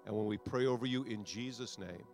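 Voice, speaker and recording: Pastor, male, exhorting sermon cadence, soft music underneath. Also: lowish voice, fairly quick. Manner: rising to loud fervent prayer. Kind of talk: sermon altar call and prayer.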